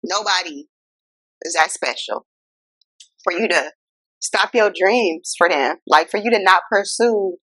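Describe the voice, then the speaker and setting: A woman hosting a casual self-help talk. She speaks in an animated, incredulous way, addresses viewers as y'all, and. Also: on the low side, a little slow, pauses often, no echo. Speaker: host.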